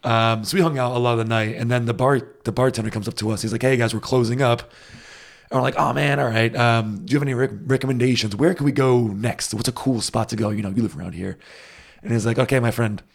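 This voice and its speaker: A man's voice: mid-range voice, fast. A man telling a travel story in casual chat, with many fillers and restarts. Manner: rambling, animated anecdotes with many fillers and restarts.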